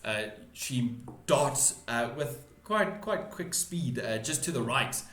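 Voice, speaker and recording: Halting male game master, echoey room. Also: medium pitch, lively intonation, fairly bright tone, slight background noise. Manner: halting, full of restarts and self-corrections. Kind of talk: narrating a tabletop game.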